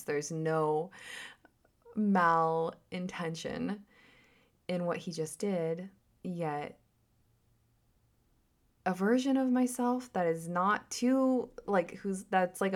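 Slow, gravelly-voiced woman rambling. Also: low-pitched. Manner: rambling, reflective, drifting into soft whispers. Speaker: mother and vlogger. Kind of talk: casual reflective monologue.

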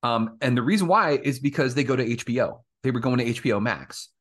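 A man co-hosting a casual podcast, explaining things in a relaxed way with fillers. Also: mid-range voice, fairly quick. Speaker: podcast co-host. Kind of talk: casual chat.

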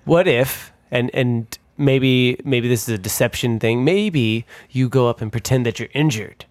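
A man playing a tabletop role-playing game, talking in a playful, jokey, animated way as his character. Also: mid-range voice, a little slow, dry recording. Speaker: player.

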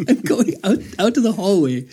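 A young man spins a story in casual talk, breaking into laughter and acting out the voices of others. His voice sits a little higher than most men's, and he keeps it lively and theatrical throughout. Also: measured pace, a crowd in the background. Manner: animated, laughing, acts out voices. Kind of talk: casual chat.

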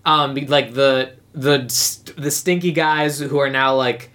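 Rambling podcast co-host, mid pitch. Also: steady tone, unhurried, a bit bright. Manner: rambling, hesitant, full of fillers and restarts. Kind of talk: casual chat reviewing a movie.

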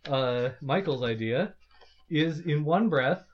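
A man's voice: on the high side, expressive, slow pace, muffled recording. A man hosting a podcast in casual chat, speaking in a mock-formal way to his listeners. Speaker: podcast host.

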